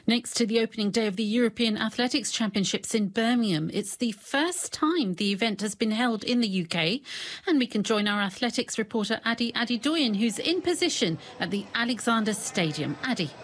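Woman presenting the news in crisp links. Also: a little high, lively intonation, fairly quick.

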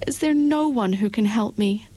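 A woman voicing an earnest, homesick little girl in a storybook reading, with a high, childlike voice. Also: normal speed, darkish tone.

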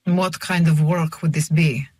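A woman's voice: deep voice, steady tone, a little slow, warm tone, breathy edge, dry recording. A woman reading an audiobook, voicing a guarded, terse, thin man who speaks in blunt, formal, sing-song English.

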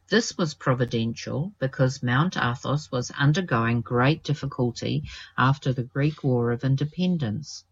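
Narrator, reverent, measured reading, middle pitch, muffled lo-fi recording. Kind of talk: reading a saint's life aloud.

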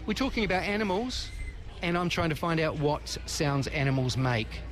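An enthusiastic New man quizzes small children on a kids' radio show, his voice bouncing through a wide melodic range. He talks warmly and encouragingly, cheering on every answer. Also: a little high, lively intonation, normal speed. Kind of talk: cheerful kids' vox-pop interview.

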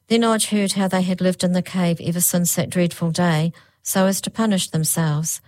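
Storybook narrator, female, lower register, slows for suspense, close dry recording. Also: steady tone, darkish tone, no echo. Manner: slows right down on spooky phrases. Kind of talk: storybook reading.

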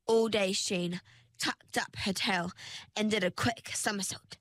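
A woman reading a children's story aloud as narrator, even and unhurried. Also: mid-range voice, no room sound, rough recording.

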